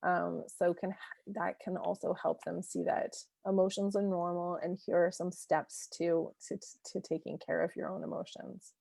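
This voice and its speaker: A woman's voice: on the low side, flat delivery, normal speed, gravelly, mellow, dry recording, studio quality. A woman teaching a parenting lesson in a conversational way, often checking in with "right?" and laughing lightly. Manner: laughs lightly between points. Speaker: parenting coach.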